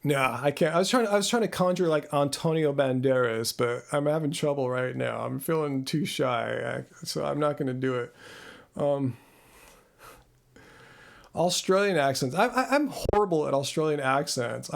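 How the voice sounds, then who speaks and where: Guy hosting a live q&a, kinda high voice with lots of fry, rambly and self-deprecating. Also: expressive, moderate pace. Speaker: channel host. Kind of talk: live Q&A chat. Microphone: close studio mic.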